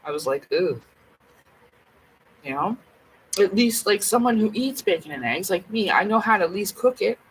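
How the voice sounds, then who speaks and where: A woman's voice: mid-range voice, animated, fairly quick, a little hiss or hum, rough recording. A woman chatting casually to camera at home, blunt and rambling, with plenty of swearing. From Canada. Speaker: vlogger.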